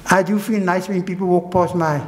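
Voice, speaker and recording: High-voiced South African preacher in a reverberant hall. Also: male voice, steady tone, brisk. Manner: emotional testimony, swinging between high urgent and low hushed phrases. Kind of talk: sermon. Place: church hall.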